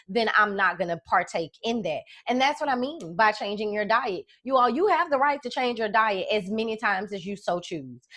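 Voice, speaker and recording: A woman's voice: mid-range voice, a bit bright. A middle-aged woman life coach talking casually to her followers, emphatic and folksy, repeating her phrases and calling her viewers y'all and baby. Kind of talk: casual motivational talk to followers.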